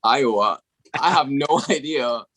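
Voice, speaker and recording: A young British man, a musician guest on a podcast, talking casually over a remote call, laid-back and quick to swear and laugh. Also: medium pitch, a bit bright. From England.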